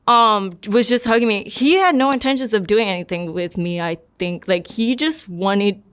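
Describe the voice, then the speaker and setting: A woman's voice: mid-range voice, moderate pace, hardly any pauses, fairly bright tone, clear, resonant tone. A young woman telling her personal testimony in a casual, rambling way, full of "like" and repeated words. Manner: rambling, many likes and repeats. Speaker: guest sharing her testimony.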